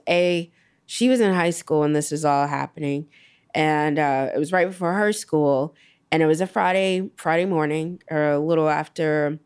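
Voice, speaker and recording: Young woman telling her story, low-ish voice, smooth and clear, lots of pauses and you knows. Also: darkish tone. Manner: halting, reflective, many fillers. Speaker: guest. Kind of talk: personal storytelling interview.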